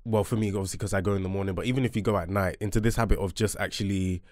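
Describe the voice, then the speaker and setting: A man guesting on a podcast in casual chat, telling animated, jokey stories. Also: deep voice, rapid-fire, dry recording, clean studio sound. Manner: animated, jokey storytelling with swearing.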